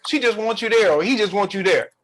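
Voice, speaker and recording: A man co-hosting a casual relationship podcast, animated and playful, slipping into quick character voices. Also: sits high. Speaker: podcast co-host.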